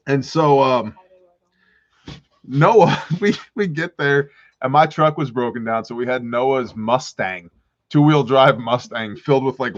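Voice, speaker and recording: A man hosting a livestream, telling an animated story and laughing often as he acts out the other people's voices. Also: mid-range voice. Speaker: prepper channel host. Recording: dull lo-fi livestream audio.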